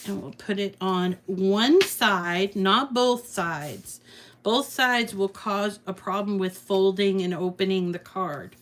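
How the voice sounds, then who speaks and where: A middle-aged woman hosts a casual crafting tutorial, chatty and rambling, often laughing at herself as she works. Her medium-pitched voice is fairly even and a little slow with few pauses, over a faint hiss or hum.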